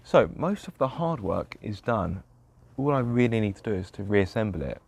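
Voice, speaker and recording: A man's voice: on the low side, big pitch swings, normal speed, creaky, darkish tone, slightly rough. A young man narrating his own car repair vlog, grumbling in a self-deprecating way about fiddly parts. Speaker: car vlogger. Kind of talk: casual DIY vlog narration.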